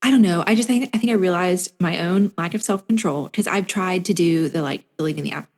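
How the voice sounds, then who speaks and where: A woman's voice: fairly low pitch, fairly quick, darkish tone. A woman guest on a podcast, talking reflectively and hesitantly with many filler words. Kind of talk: casual conversation. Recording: long reverb.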